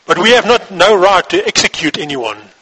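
A man's voice: sits high, big pitch swings, normal speed, bright, forceful tone, slightly rough, heavily acted, low-quality recording. A man reading aloud the lines of angry male religious leaders in a scripture passage, with a raised, insistent delivery.

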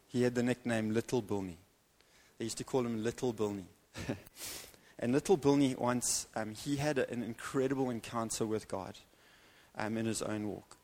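A man with a lowish voice preaches in an evangelical church, telling a story animatedly and using dramatic pauses.

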